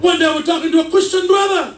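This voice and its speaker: A man preaching a fervent sermon in a church, shouting his points with call and response. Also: very high voice, fairly even intonation, very fast, a little hiss or hum. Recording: echoey church mic from far off.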